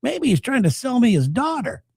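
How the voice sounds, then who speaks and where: A man co-hosting a podcast in casual chat, halting and trailing off as he talks. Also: very high-pitched, big pitch swings, gravelly, darkish tone, slightly rough, no echo, studio quality. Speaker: podcast co-host.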